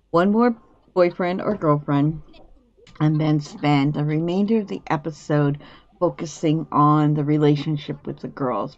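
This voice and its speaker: Slow, relaxed woman narrating gameplay. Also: sits low, lo-fi sound. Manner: relaxed, thinks aloud while playing. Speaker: gameplay video host. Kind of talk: casual gameplay commentary. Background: faint game music.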